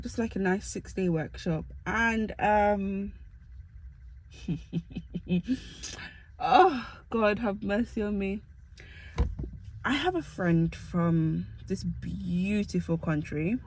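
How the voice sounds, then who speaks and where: Young uk woman vlogging, animated and self-mocking, just chatting to camera. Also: medium pitch, poor audio. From United Kingdom. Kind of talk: casual storytelling to camera.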